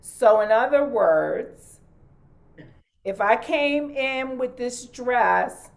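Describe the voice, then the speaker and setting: A woman talking slowly and thoughtfully in a casual chat with friends. She stops and restarts her sentences as she searches for words. Her voice is on the higher side, with a gravelly rasp and an unhurried pace. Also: expressive. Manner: hesitant, restarts sentences, reflective. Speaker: panel guest sharing stories.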